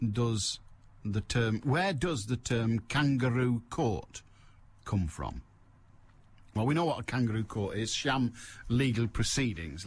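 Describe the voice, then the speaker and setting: A man's voice: mid-range voice, slight background noise. An older man hosting a radio phone-in, chatting in a dry, self-mocking, rambling way. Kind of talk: rambling solo radio chat. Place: radio studio. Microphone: studio mic.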